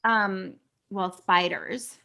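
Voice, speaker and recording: A middle-aged woman from California, a guest actress, chatting casually and telling stories in an animated way, acting out quoted dialogue. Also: medium pitch, very slow, gravelly, smooth, muffled recording. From California, USA. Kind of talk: casual interview storytelling.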